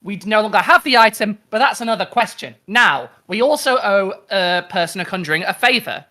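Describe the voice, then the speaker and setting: A woman's voice: mid-range voice, expressive, fairly quick, pushed and bright. A woman voicing an earnest, diplomatic woman adventurer who reasons politely with a few hesitations.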